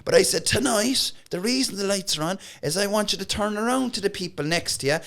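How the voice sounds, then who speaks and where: Cork comedian, high voice, lively spun-out storytelling with voices. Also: male voice, a little fast, vocal fry. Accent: Cork Irish. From Cork, Ireland. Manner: animated, acts out voices in his stories. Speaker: guest comedian. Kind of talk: casual storytelling.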